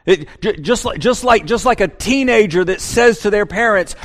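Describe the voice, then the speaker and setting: A pastor giving a sermon and reading scripture. He is animated and repeats words as he speaks. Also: extremely high pitch, moderate pace, hardly any pauses.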